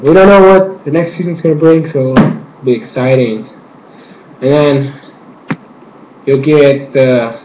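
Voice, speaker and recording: A man giving a rambling, gushing recap of a cartoon episode, excitable and casual. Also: medium pitch. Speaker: fan reviewer. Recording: roomy, dull lo-fi home recording with faint noise.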